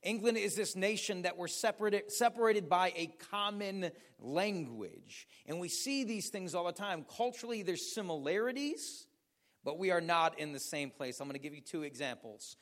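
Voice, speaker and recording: An American man, a pastor, preaching a sermon with animated storytelling and questions for the audience. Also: sits high, normal speed. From United States.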